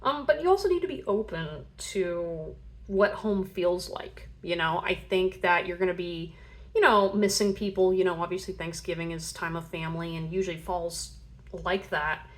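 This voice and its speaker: A woman's voice: fairly low pitch, normal speed. A young woman giving a casual tarot reading, chatty and rambling with lots of fillers, often acting out playful voices for imagined people. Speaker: tarot reader.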